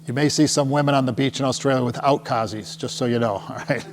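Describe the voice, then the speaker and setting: A man's voice: medium pitch, fairly even intonation, quick pace. A middle-aged man, a tour company presenter, gives a casual, jokey talk to a small live audience and keeps asking the crowd "right?". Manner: jokey and chatty, often asks the crowd "right?". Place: meeting room with a small audience. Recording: long hall reverb with faint hum.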